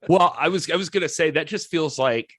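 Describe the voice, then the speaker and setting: A man's voice: fairly high pitch, normal speed, fairly bright tone, dry recording, clean studio sound. A man co-hosting a film podcast in casual chat, joking and laughing at his own bits. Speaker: podcast co-host.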